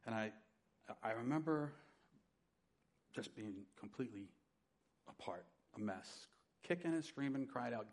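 Man preaching, middle-aged, personal testimony, loud then hushed, mid-pitched voice. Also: animated, unhurried, long pauses. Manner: personal testimony, dynamic swings from loud to soft. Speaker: pastor. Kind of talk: sermon.

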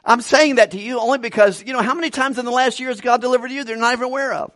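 A man preaching a conversational Bible study sermon with animated delivery and frequent chuckles. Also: very high-pitched, racing, dry recording, studio quality. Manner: conversational, animated, laughs between points.

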